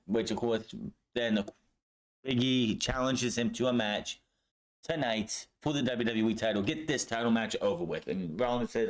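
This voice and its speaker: A man's voice: mid-range voice, unhurried. A man giving a casual spoken recap of a show from his room, blunt and sarcastic, swearing freely as he goes. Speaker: wrestling show reviewer. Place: home room.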